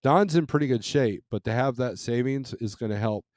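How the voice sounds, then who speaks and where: A man's voice: mid-range voice, normal speed, a little mellow, no echo, clean studio sound. A middle-aged man hosting a trucking live stream, reading and answering chat in a casual, rambling way with many restarts and fillers.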